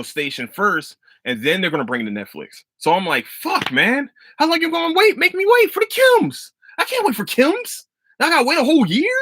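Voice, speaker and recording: A man hosting a casual solo podcast, talking loosely and excitedly with plenty of swearing. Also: medium pitch, no room sound. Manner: loose, profane, excitable storytelling. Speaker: podcast host.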